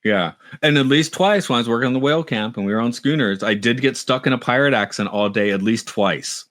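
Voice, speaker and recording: A man's voice: medium pitch, quick pace, fairly bright tone, dry recording. A middle-aged man co-hosting a podcast, rambling and self-mocking, with frequent restarts. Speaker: podcast co-host. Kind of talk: casual chat.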